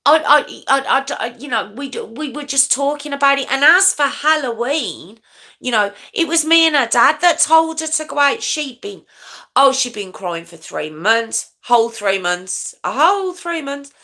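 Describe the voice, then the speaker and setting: A flustered middle-aged mother, as a woman puts her on, stumbling over rushed excuses and repeating herself. Her voice sits higher than the narrator's own and has a bright, forceful edge. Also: animated, heavily acted.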